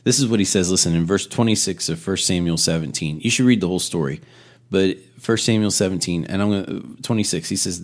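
A man teaches scripture in a relaxed, chatty sermon style. He retells the story with offhand asides and quick self-corrections. His voice sits on the low side. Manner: casual, storytelling with asides and restarts. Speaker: Bible teacher.

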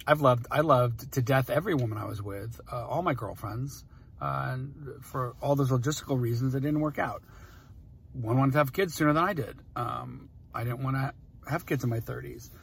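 A man's voice: mid-range voice, normal speed, vocal fry, a little hiss or hum. A man in his forties rambling through personal stories in casual talk, emotional and often cutting himself off. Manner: rambling, emotional, self-interrupting.

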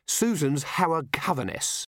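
A man's voice: fairly high pitch, lively intonation, takes it slowly, a bit bright, no room sound, clean studio sound, voice pushed up, heavily acted. A man reading aloud, voicing an anxious, fussy woman who employs a governess; she stammers and talks in a flustered way.

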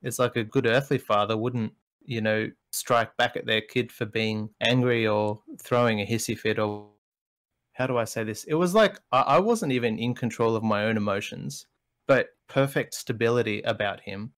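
A man co-hosting a podcast, speaking candidly and emotionally, sometimes pausing to search for words. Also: on the low side, fairly even intonation, fairly bright tone. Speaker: podcast co-host. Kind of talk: reflective faith discussion.

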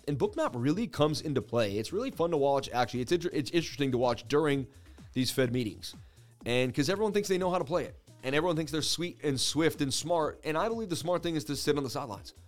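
A man in his thirties hosting a crypto trading livestream, rambling through charts in casual chat and laughing at his own jokes. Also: a little high.

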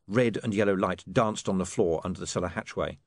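A man giving an expressive, measured audiobook narration. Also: low-pitched, no echo, clean studio sound.

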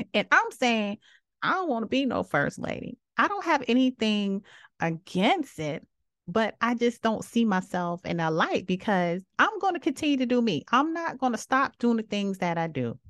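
A woman in her thirties hosting a podcast, giving outspoken, sassy opinions in a casual way, with sudden jumps from low murmurs to high exclamations. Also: big pitch swings, moderate pace, fairly bright tone, no echo. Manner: sassy, outspoken, preachy asides. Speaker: podcast host.

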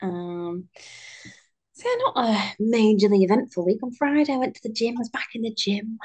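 A woman's voice: on the high side, normal speed, darkish tone, breathy edge. A young British woman co-hosting a podcast, chatting casually and rambling with lots of fillers. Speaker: podcast co-host. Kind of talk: casual chat.

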